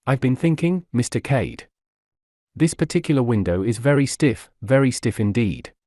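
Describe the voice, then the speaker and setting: A man doing a laconic, steady police detective. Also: mid-range voice, dry recording, studio quality, natural voice.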